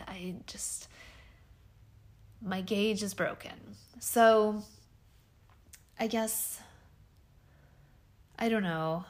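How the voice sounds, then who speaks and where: A woman in her thirties talking through a personal podcast monologue at home, soft-spoken and hesitant, with lots of fillers and trailing pauses. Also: medium pitch. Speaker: podcast host. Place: home bedroom.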